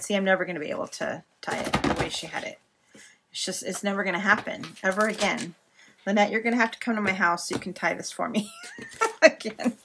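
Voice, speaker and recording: A woman's voice: mid-range voice, a bit bright, a little hiss or hum. A woman vlogger gushing and giggling as she chats through a mail unboxing. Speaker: planner and journal vlogger. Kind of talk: casual unboxing chat.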